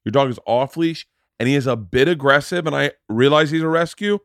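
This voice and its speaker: A middle-aged man hosting a casual podcast chat, telling stories in an animated, profane way. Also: a little fast, no echo, clean studio sound. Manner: profane, animated storyteller, rising pitch in rants. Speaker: podcast host.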